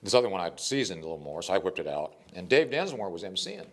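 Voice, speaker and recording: An older man, a poet, telling stories in a casual interview, animated and rambling, with frequent restarts. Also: low-pitched, fast talker.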